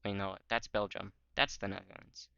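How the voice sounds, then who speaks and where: Talking over a historical map, a man hosting a history channel rambles along, joking goofily and leaning heavily on "um" and "like." His voice is lowish yet bright and crisp, with little pitch movement and a moderate pace, recorded dry and slightly muffled without any echo.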